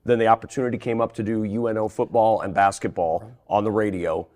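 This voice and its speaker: Middle-aged male sportscaster, interview guest; animated storyteller, stumbling restarts. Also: fairly low pitch, fast. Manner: animated, laughs through anecdotes, frequent restarts.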